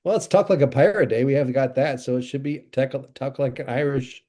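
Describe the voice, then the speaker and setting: A man's voice: medium pitch, brisk, a little mellow. A man who is a pastor, hosting a podcast in easygoing casual chat and rambling through stories. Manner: easygoing, chuckles, rambling storytelling.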